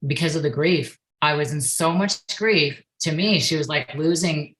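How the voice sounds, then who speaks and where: Woman in her 40s with a low voice on a podcast, earnest and emotional, slips into her old panicked self sometimes. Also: moderate pace, fairly bright tone, rough recording. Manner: earnest and emotional, acts out her own past outbursts. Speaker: guest, perception facilitator and yoga instructor. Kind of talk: podcast interview, personal storytelling.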